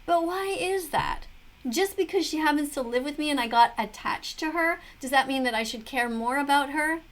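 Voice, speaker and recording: A middle-aged woman with a high-pitched voice speaks at normal speed. She's a vegan commentator reacting to a video, offering casual commentary to camera that is preachy, earnest, and packed with rhetorical questions.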